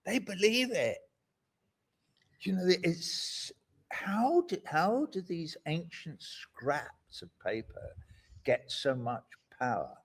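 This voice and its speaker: An outspoken older man, an interview guest talking about politics, sardonic and animated, with mocking asides and rambling tangents. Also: on the high side, takes it slowly, husky. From England.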